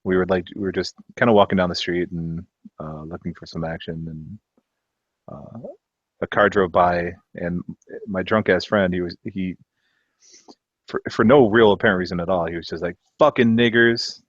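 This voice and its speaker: A man's voice: low voice, fairly even intonation, normal speed, no echo. A man telling a personal story in casual chat, hesitant, with many restarts and offhand swearing. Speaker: discussion participant. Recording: dull, muffled mic.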